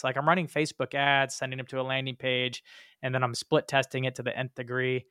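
A man hosting a podcast, telling stories in an animated, casual way and laughing often. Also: medium pitch, a little fast, dry recording, clean studio sound. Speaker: podcast host. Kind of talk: casual interview talk.

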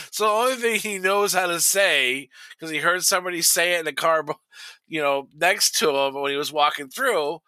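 A man's voice: on the high side, moderate pace, bright, forceful tone, clean tone, no room sound, rough recording. A middle-aged man chatting casually on a podcast, telling a long story with restarts and laughing at his own tale. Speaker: podcast co-host.

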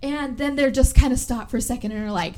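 A woman hosting a podcast recaps a movie in loose, casual chat. She is animated and swears freely, and her voice sits fairly high. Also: fast, background noise. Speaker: podcast host.

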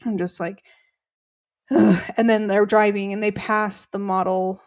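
A woman's voice: medium pitch, moderate pace. A young woman co-hosting a podcast, retelling a reality show episode in casual chat with quoted voices. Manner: chatty, animated retelling with quoted voices and laughs. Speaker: podcast co-host.

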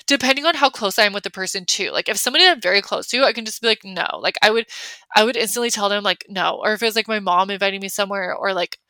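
Bright-voiced chatty young woman. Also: medium pitch, very fast, dry recording. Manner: chatty, many fillers, acts out her own reactions. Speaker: podcast host. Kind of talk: casual solo talk.

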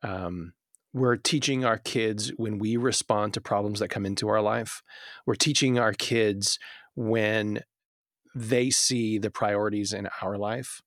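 Animated, storytelling man guest, dry sound. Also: fairly low pitch, a little slow, no room sound. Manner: animated storyteller, acts out family scenes. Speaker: podcast guest, author. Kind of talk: casual podcast conversation.

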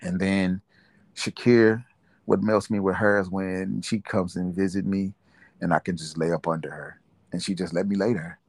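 Middle-aged man, very low voice, laughs often, dry close sound. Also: steady tone, normal speed, no room sound. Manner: warm, reflective, laughs often. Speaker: interviewee, father. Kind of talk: casual family interview.

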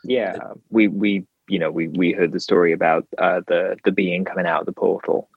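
A man's voice: low voice, fairly even intonation, moderate pace, slightly rough, no room sound, phone-quality sound. A man co-hosting a podcast in casual chat, laid-back with wry asides. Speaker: podcast co-host.

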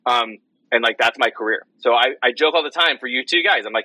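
A man's voice: medium pitch, brisk, pushed and bright, no room sound, rough recording. A man who is a guest on a podcast, chatting casually and rambling through a story with many restarts. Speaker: podcast guest, comics writer. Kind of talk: casual chat.

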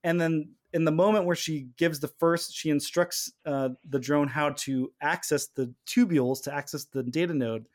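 Male podcast host, slightly high voice, casual chat, acts out scenes as he recaps. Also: moderate pace, hardly any pauses. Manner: animated retelling of scenes, quoting characters.

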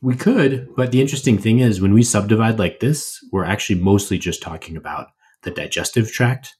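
Low husky guy chatting about theory, laid back and jokey. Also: brisk. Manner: relaxed, explanatory, playful asides. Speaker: podcast co-host. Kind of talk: casual educational chat.

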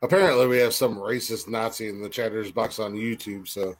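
A man's voice: on the low side, fairly even intonation, fairly quick. Laid-back, wry podcast co-host man. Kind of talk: casual banter.

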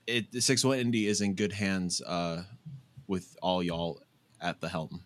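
A man's voice: low voice, steady tone, a little slow. A young man co-hosting a casual podcast, speaking in a heartfelt, rambling way and swearing freely. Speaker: podcast co-host. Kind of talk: casual chat.

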